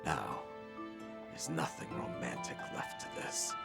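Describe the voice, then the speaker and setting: An actor voicing a weary older ex-yakuza in a video game, speaking in a slow, terse, deadpan way with a gravelly, very deep voice. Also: male voice, music in the background, full character voice. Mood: brooding.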